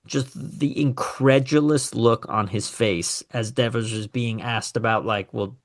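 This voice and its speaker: A man's voice: medium pitch, measured pace. Guy hosting a sports talk show, fired up and opinionated, kinda sarcastic. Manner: animated, opinionated, sarcastic asides. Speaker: podcast host.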